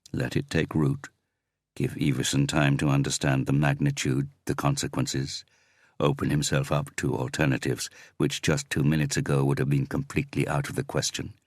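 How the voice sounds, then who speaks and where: A man narrating a crime audiobook in a steady, even manner. His voice is very deep with a rough, gravelly grain, recorded dry and close. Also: dry recording. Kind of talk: scripted narration.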